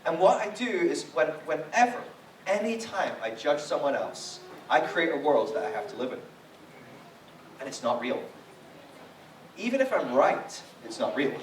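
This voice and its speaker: A man's voice: fairly high pitch, very animated, normal speed. A man giving a conversational sermon as a guest preacher, telling stories with frequent "right?" asides and acting out quotes. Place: church hall. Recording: echoey hall, distant mic, faint noise.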